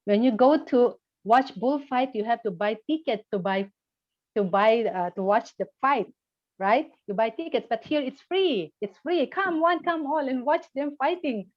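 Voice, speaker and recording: A man's voice: extremely high pitch, a little slow. A woman voicing a playful old male Zen monk who goads people in a mock-gleeful way, from a dull lo-fi recording. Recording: dull lo-fi sound.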